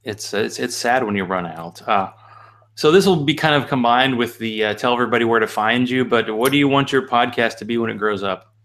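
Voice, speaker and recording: Laid-back male host, mid pitch, loose and joking. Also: brisk, a bit bright. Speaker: podcast host. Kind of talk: casual interview and sign-off.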